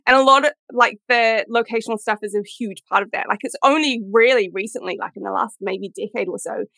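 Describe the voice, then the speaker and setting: A woman talks in a relaxed podcast chat, her voice gravelly with fry and a bright, forward tone. She sounds thoughtful and animated, like someone with stage training. The sound is close and dry. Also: fairly high pitch, a little fast, dry recording. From England. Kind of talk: casual chat.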